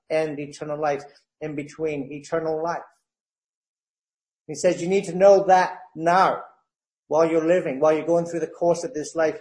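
A man preaching a sermon, reading scripture passages with rising emphasis and slowing down on verse references. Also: a little high, darkish tone, rough recording.

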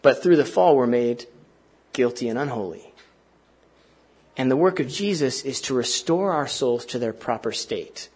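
A man's voice: mid-range voice, lively intonation, moderate pace, darkish tone, breathy edge. A male pastor preaching a sermon in a conversational, earnest way, often asking the congregation questions and using fillers.

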